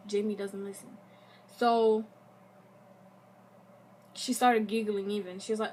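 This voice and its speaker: A young woman vlogger telling a casual storytime, animated and acting out the quotes of the people in it. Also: mid-range voice, unhurried, pauses often, a little hiss or hum.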